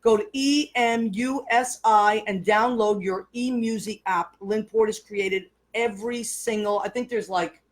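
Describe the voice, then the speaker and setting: Effusive woman hosting a lively talk show. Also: medium pitch, a little slow, hardly any pauses. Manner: effusive, exclamatory, greeting viewers by name. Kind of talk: casual live show chat.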